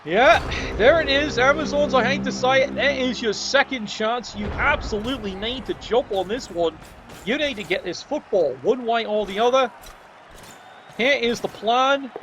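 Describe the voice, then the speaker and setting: A high-pitched man calls a game match with a dry, mocking edge, swearing casually and talking straight to the players. His voice sits well above the usual male range. A clear wash of background noise hums under the whole recording. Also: moderate pace, a bit bright. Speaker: commentator. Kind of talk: game commentary.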